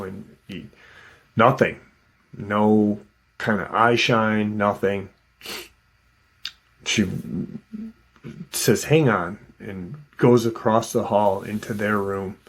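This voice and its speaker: A man casually retelling a frightening encounter as a channel host, unscripted, with plenty of "um" and "you know" along the way. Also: lowish voice. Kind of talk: casual storytelling narration.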